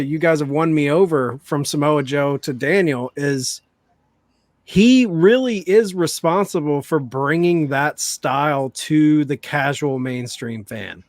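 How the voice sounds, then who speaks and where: A man's voice: on the high side, unhurried, no echo, studio quality. A man hosting a podcast, talking casually and thinking aloud as he builds his point. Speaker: podcast host. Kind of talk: casual panel chat.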